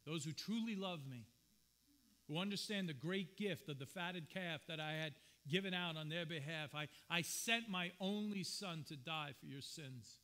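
A man's voice: on the high side, moderate pace, sharp tone. A man preaching a sermon as pastor, earnest and personal, telling stories from his own life in a church. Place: church sanctuary.

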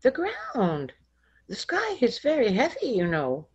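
Here is a small, earnest boy, voiced by a woman reading aloud. He talks in a plaintive, childlike way, pitched well up and unhurried. The recording is dull and lo-fi. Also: wildly swooping pitch, husky, exaggerated voice.

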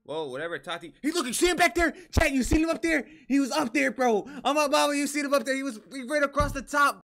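A young man streaming a game, brash and loud, trash-talking and swearing constantly. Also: extremely high pitch, expressive, quick pace, faint music behind. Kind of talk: gaming livestream trash talk.

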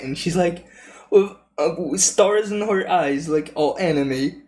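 Giggly low-voiced woman streamer. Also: measured pace, darkish tone, a little hiss or hum, rough recording. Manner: giggly, rambling, crude jokes. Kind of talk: casual live-stream commentary.

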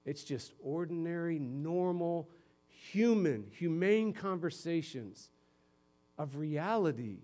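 A man from Connecticut preaching a sermon as pastor, conversational and lively, moving between quiet and emphatic stretches. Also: on the high side, slow pace. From Connecticut, USA.

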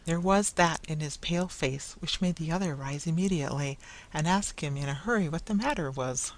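A narrator reading a classic story aloud in a measured, even storybook manner. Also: mid-range voice, low-quality recording.

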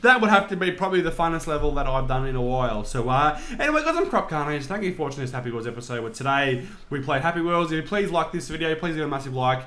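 A young man commentating on his own gameplay, excitable, swearing and shouting at the game. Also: fairly high pitch, quick pace, hardly any pauses. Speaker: gaming channel host.

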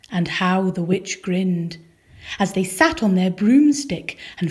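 A woman reading a rhyming children's picture book aloud, with expressive, rhythmic delivery. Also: medium pitch, takes it slowly. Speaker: storybook reader.

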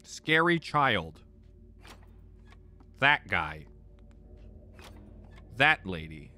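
A young man streams a game and talks his viewers through his rising frustration. His voice is bright and ringing, and his pitch swings widely. He swears freely, repeats phrases when stuck, and lurches between loud outbursts and low muttering. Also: big pitch swings, drawn-out words. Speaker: gaming streamer. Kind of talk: live gameplay commentary.

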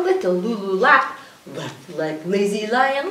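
High lively lady doing library story time, slow and sing-songy, roomy echo, kinda far off with hiss. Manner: sing-song, expressive, coaxing questions to young listeners. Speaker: children's librarian reading aloud. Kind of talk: children's story time read-aloud. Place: library room. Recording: roomy, distant mic with faint hiss.

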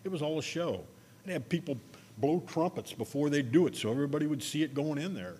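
A man preaching a sermon, telling a personal story in a conversational way and slowing down to stress key words. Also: fairly high pitch, lively intonation, dark tone, big-room sound, a little hiss or hum. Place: church sanctuary.

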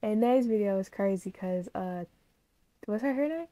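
A woman vlogger talks straight to her viewers in a casual reaction video. She is animated and gushing, and she calls them y'all. Her voice sits at an ordinary middle pitch, recorded dry and close with no room sound. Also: normal speed, dry recording. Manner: emotional, gushing.

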